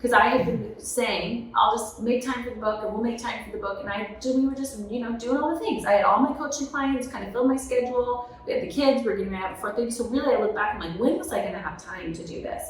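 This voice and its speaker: Female author, 30s, animated storyteller, roomy echo and distant mic. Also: a little high, fast, few pauses, slight background noise. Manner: animated, tag questions like "right?". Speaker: author and guest. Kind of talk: conversational podcast storytelling. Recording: echoey room, mic at a distance.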